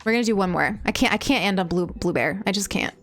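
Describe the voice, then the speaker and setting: A woman from Eastern Long Island with a Long Island accent, chatting casually on a live stream while gaming, rambling and breaking into excited squeals. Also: medium pitch, fast talker. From Eastern Long Island, New York. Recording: game music playing faintly behind.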